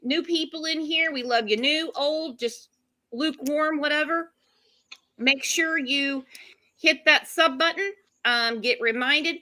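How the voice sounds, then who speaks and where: A woman's voice: sits high, pushed and bright. A woman hosting a true-crime live stream, chatting casually with guests and her chat audience. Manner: chatty, fast asides to chat. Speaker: livestream host.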